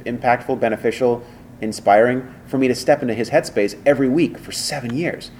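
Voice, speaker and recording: Man, voice actor guest, casual interview, animated storytelling, lots of "like" and "um", faint background hiss. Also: mid-range voice, brisk. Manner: animated storyteller, lots of fillers and acted quotes.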